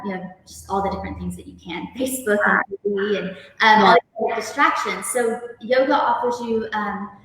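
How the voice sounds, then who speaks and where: A woman yoga instructor speaking calmly, gently guiding breathing and stretches. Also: medium pitch, heavy reverb, in a large hall, far from the mic, slight background noise, poor audio. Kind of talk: guest interview then guided yoga instruction.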